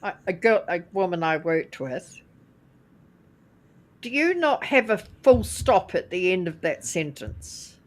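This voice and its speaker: A woman with a New Zealand accent, co-hosting a casual podcast in a measured way, precise about how words are said. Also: lowish voice, very animated. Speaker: co-host.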